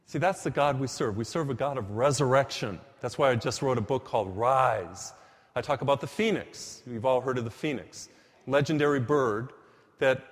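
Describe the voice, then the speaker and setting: Man preaching a sermon in a reverberant church. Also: medium pitch. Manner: storytelling, emphatic, varies pace for effect.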